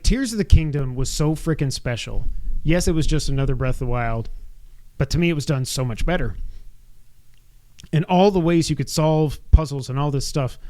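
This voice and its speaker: Man, podcast co-host, gaming news chat, wry and opinionated, slightly higher voice. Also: darkish tone. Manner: wry, opinionated, reads news items then riffs.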